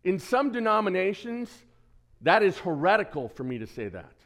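A man preaching a sermon as pastor, lively and conversational, who quizzes the congregation and throws in joking asides. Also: high-pitched, normal speed. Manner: lively, asks the congregation questions, self-deprecating asides.

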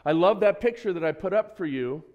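A man preaching a sermon as pastor, lively and conversational, who quizzes the congregation and throws in joking asides. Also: high-pitched, fairly quick, muffled recording. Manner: lively, asks the congregation questions, self-deprecating asides.

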